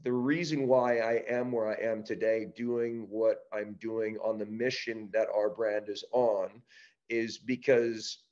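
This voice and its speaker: A man from Canada, a guest on an interview show, telling a personal story in a casual, animated way with frequent restarts. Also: lowish voice, measured pace, highs cut off. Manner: animated storyteller, many restarts and "you know". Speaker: podcast guest, breath-work business founder.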